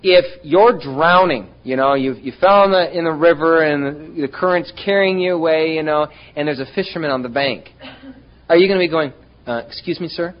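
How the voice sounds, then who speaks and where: A man preaching to his congregation in an animated way, tossing out rhetorical questions. His voice sits fairly high for a man. The recording sounds dull and lo-fi. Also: moderate pace. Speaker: pastor. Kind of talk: sermon.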